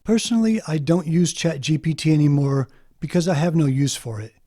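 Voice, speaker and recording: A man hosting an explanatory video monologue, emphatic and deliberate, slowing down to stress key points. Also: on the high side, dark tone. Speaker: video host.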